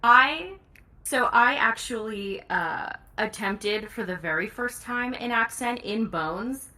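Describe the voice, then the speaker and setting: A woman's voice: on the high side, lively intonation, slow, bright, forceful tone. A woman audiobook narrator, a guest in a casual interview, talking candidly and laughing easily.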